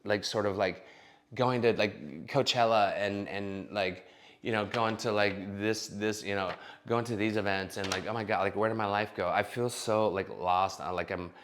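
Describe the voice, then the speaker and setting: A man's voice: fairly low pitch, fairly even intonation, normal speed, a bit bright, a little hiss or hum, close to an everyday voice. A man mocking a whiny woman who complains online, filler-heavy and full of "like". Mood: lost whining.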